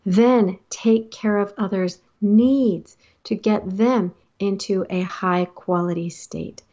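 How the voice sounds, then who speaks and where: A woman's voice: mid-range voice, fairly even intonation, slow, mellow, muffled recording. A married woman hosting a motivational talk, advising listeners earnestly and laughing now and then at her own points. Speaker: host.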